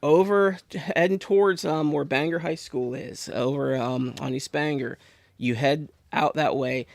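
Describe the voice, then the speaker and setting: Podcast guest, male, from Pennsylvania, gravelly, chatty storyteller, dry sound. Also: on the high side, unhurried, dry recording. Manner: rambling, animated storyteller with many restarts. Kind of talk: casual storytelling.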